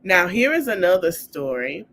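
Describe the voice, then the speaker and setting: A woman's voice: fairly low pitch, sing-song, normal speed, a bit bright. Chatty woman podcast host. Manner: chatty, addresses listeners as y'all. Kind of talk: casual chat.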